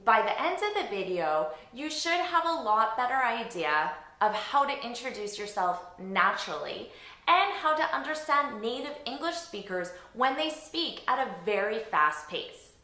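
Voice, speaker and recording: A woman with an American accent teaching an English lesson, speaking clearly and repeating phrases for learners. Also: a little high, very animated, unhurried, sharp tone. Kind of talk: language lesson. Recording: echoey room.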